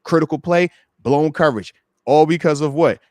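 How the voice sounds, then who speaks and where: A man's voice: on the high side, normal speed, a little mellow, no room sound, studio quality. A man, a former pro football player, talking football with passion on a live podcast and acting out voices of players and fans. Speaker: former NFL player and guest analyst.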